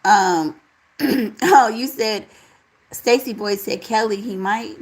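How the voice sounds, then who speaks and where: A woman hosting a casual live chat, reading out viewer comments and answering them in a relaxed, talkative way. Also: mid-range voice, slow pace, husky, rough recording. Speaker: livestream host reading chat.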